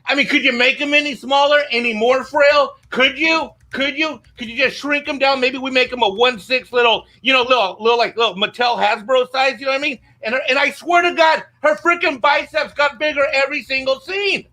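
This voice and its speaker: A man's voice: very high voice, fairly even intonation, fairly quick, few pauses, bright, forceful tone. A man on a panel show giving a heated, swearing fan rant, repeating himself a lot, a bit tipsy from drinking. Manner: angry, swearing, repeats "you know what".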